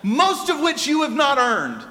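A male pastor preaching a sermon, telling a personal story in an animated, conversational way with asides to the congregation. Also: very high-pitched, a little slow. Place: church sanctuary. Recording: long reverb of a church hall.

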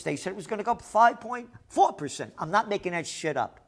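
A man hosting a commentary show, ranting sarcastically with lots of profanity, swinging between shouting and muttering. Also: high voice, animated, fairly quick. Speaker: show host.

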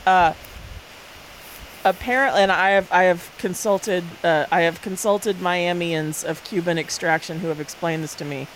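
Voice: medium pitch, a little hiss or hum, low-quality recording. A co-host of a sports podcast, rambling and self-deprecating and full of fillers. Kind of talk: casual comedic chat.

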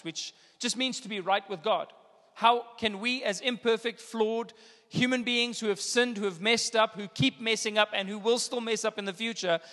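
A man's voice: high-pitched, fairly bright tone, long reverb tail. A man preaching a sermon as pastor, emphatic and repetitive, building in intensity.

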